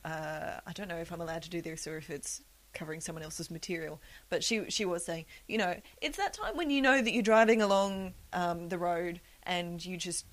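A woman's voice: lowish voice, a little fast, few pauses. A young woman hosting a podcast, telling self-deprecating work stories and laughing often. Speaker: podcast host. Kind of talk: casual chat.

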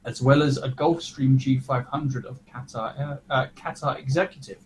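A man's voice: mid-range voice, steady tone, normal speed, slight background noise, rough recording. A man, an airline pilot co-hosting a podcast, chatting in a wry, teasing way and laughing while he talks. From Britain. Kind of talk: casual chat.

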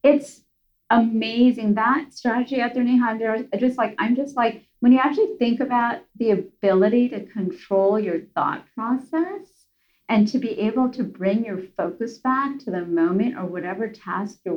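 A woman calmly explaining coping techniques in a casual advice chat, enthusiastic and explanatory. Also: on the high side, muffled recording. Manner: enthusiastic, explanatory, addresses host by name. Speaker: guest expert.

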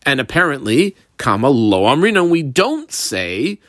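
A man's voice: mid-range voice, big pitch swings, unhurried, a bit bright, no echo, clean studio sound. A man teaching a daily Talmud class, reading Aramaic text aloud and translating it as he goes, with frequent fillers, while describing the underlines and marks on his page. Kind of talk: daf yomi Talmud class.

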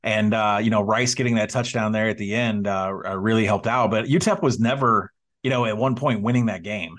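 A man's voice: on the low side, brisk, a bit bright. Man, from Arkansas, co-host, casual sports chat, upbeat. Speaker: podcast co-host.

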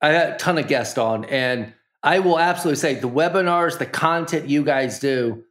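A middle-aged man with a fairly high voice hosts a podcast interview. He asks relaxed, friendly questions with many fillers. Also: moderate pace. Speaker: podcast host. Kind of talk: casual interview chat.

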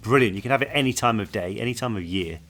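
Lively, playful man. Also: lowish voice, fast talker, soft background music. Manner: playful and animated, puts on silly voices. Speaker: podcast co-host. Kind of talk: casual podcast chat.

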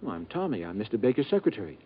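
A jittery young secretary in an old radio drama, stammering and hurrying over his words. His breathy voice swings up and down a lot. The sound is dull and lo-fi, like an old radio recording. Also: lowish voice, very animated. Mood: flustered. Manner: hurried, stammering. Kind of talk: 1950s radio drama acting.

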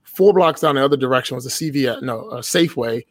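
A man's voice: medium pitch, fast, dry recording. A young man telling a story on a podcast in a casual, blunt and profane way. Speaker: podcast guest.

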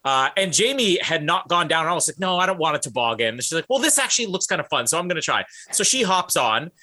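Animated, bright-voiced male storyteller. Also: on the high side, quick pace. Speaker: podcast co-host. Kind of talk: casual chat, storytelling.

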